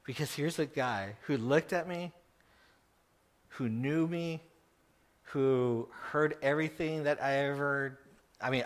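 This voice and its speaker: A middle-aged man preaching, telling a personal story in an earnest, emotional way, with laughs and pauses. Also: mid-range voice. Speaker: pastor.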